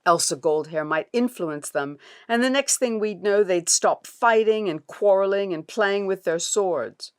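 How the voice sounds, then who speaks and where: A woman's voice: mid-range voice, unhurried, few pauses, smooth, voice pushed up, natural voice. A woman voicing a proud Viking father who gossips smugly. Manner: smug, gossiping.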